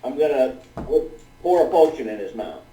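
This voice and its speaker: A man's voice: medium pitch, animated, moderate pace, warm tone. Male player, hesitant, recorded far off in an echoey room. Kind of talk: casual tabletop game play. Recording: roomy room, mic far off.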